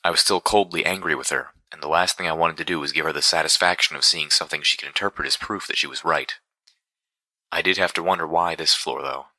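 A man narrating first-person fiction in a measured, dramatic storytelling manner. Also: a bass voice, fairly even intonation, pushed and bright, no echo. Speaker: audiobook narrator.

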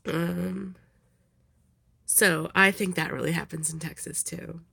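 Sniffly woman vlogging, slow and rambly, gravelly fry, super dry close sound. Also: lowish voice, fairly even intonation, bright, forceful tone, no room sound. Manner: rambling, giggly, many ums. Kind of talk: casual questionnaire vlog.

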